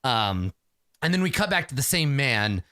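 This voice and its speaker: A man narrating as game master in a rambling, animated storytelling way, full of fillers and restarts. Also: mid-range voice, normal speed, no room sound.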